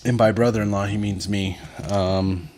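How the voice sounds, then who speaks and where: A man's voice: fairly low pitch, fairly even intonation, moderate pace, darkish tone. A man hosting a casual live chat show, joking easily and thanking viewers as he reads their comments. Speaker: podcast host.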